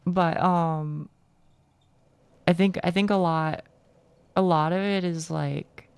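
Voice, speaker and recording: A woman streamer with a gruff, gravelly voice chatting casually while gaming, rambling and cutting herself off. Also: fairly low pitch, steady tone, takes it slowly, a little mellow, no echo. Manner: rambling, self-interrupting, laughs often.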